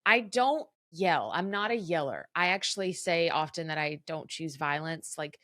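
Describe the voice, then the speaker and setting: A woman in her thirties talking to listeners in a casual, chatty advice style, animated and laughing easily. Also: sits low, normal speed, no echo, clean studio sound. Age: 30s. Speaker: podcast host.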